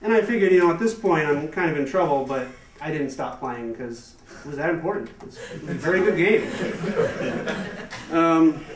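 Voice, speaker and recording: A young man doing a rambling stand-up comedy routine with hesitant fillers and deadpan asides to a live audience. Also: fairly high pitch, normal speed. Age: young adult. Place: live show venue with audience. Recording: echoey room, far from the mic, noisy amateur recording.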